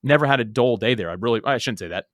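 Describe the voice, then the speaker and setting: Clean studio audio with no room sound captures a mid-range male voice. He's a podcast guest in his thirties recounting his story casually and rapidly, peppering it with "like" and repeating words.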